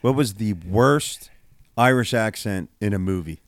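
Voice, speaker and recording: A man co-hosting a podcast, tossing in quick quips and trivia. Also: lowish voice, no echo. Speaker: podcast co-host, band member. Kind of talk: casual chat.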